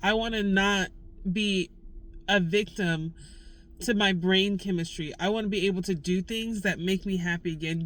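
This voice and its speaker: A woman's voice: mid-range voice, rough recording. A young woman vlogging candidly, venting raw frustration in casual slang. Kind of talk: candid personal vlog.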